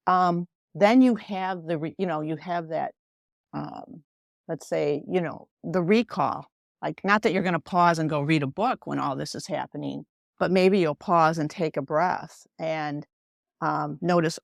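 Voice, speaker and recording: A woman talking as a podcast guest about mindfulness, in a gentle, reflective way with many fillers. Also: low-pitched, normal speed, gravelly, no echo, clean studio sound. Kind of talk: casual interview talk.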